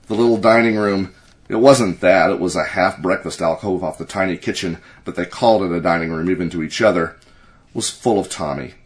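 A man's voice: low voice, brisk. Man narrating a story steadily. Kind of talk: audiobook narration.

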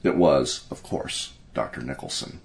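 A man reading a short story aloud as narrator, in a steady storytelling manner. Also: extremely low pitch, a little slow, gravelly. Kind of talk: audiobook narration.

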